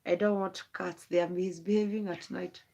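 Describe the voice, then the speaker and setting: A woman's voice: on the low side, steady tone, moderate pace, creaky, mellow, muffled recording. A rambling woman. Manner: rambling, emotional, wandering thoughts. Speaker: vlogger. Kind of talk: late-night live stream monologue.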